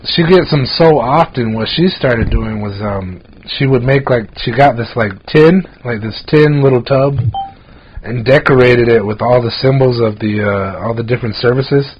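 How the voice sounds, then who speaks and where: A podcast co-host chats casually, his medium-pitched voice moving at a normal speed as he tells rambling stories stuffed with filler words, especially "like." The recording is muffled, with a little hiss or hum underneath.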